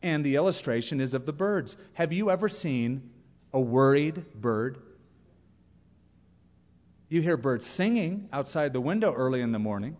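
A man preaching a sermon as pastor, lively and humorous, reading out examples and scripture. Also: mid-range voice, moderate pace, pauses often. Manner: animated, reads quotes with humor. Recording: long reverb of a church hall.

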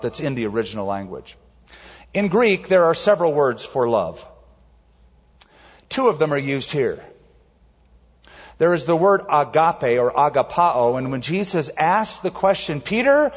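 A man delivers a sermon in a large, echoing sanctuary, and his slightly husky voice sits a little high. He tells stories with lively, swooping pitch and acts out quotes in a raised voice. The sound is a bit muffled. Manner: animated storytelling, acting out quotes in a raised voice. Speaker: pastor.

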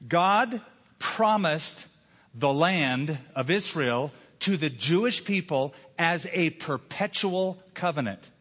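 Male pastor, middle-aged, emphatic scripture reader, a touch high-pitched, muffled hall recording. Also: lively intonation, a bit bright, slightly rough. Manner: reads scripture aloud with emphatic pauses. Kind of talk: expository sermon. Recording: dull recording in a large reverberant hall.

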